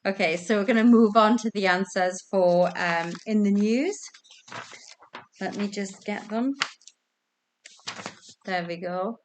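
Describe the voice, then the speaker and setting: A woman's voice: medium pitch, slow pace, long pauses, a little hiss or hum. Chatty woman quiz host. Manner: chatty, giggly, self-deprecating. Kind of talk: casual online quiz hosting. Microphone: video call.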